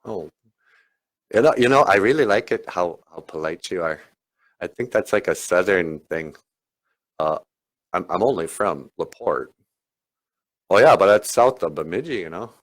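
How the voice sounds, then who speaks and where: A man hosts his podcast in a loose, jokey ramble full of hesitations. His pitch moves up and down freely, so he sounds animated throughout. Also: normal speed, long pauses. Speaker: podcast host. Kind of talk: comedic podcast banter.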